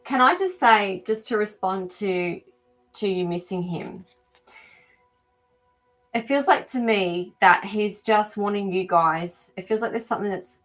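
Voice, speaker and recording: Hesitant, chatty woman with a lowish voice. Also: fairly bright tone. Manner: hesitant, searching for words with frequent ums; responds to viewers' live comments. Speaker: animal communicator hosting a live show. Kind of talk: live-stream reading, casual chat.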